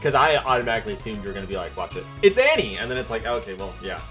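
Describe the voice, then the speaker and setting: Quick chatty reaction co-host. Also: medium pitch, over music. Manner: chatty, quick, laughing often. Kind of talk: casual reaction chat.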